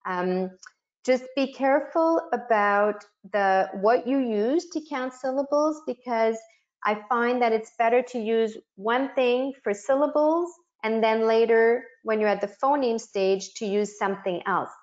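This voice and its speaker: A woman's voice: fairly high pitch, unhurried, darkish tone. A woman facilitating a webinar for child care educators, explaining practical activities step by step and modeling words the way she would for children. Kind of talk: instructional webinar talk. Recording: muffled lo-fi webinar audio.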